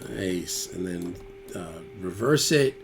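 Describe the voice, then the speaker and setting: A man's voice: low voice, expressive, slow, creaky. A man casually talking through a guitar tone demo, thinking aloud and trailing off as he adjusts settings. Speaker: guitarist demonstrating gear. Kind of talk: casual studio demo talk. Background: loud electric guitar playback.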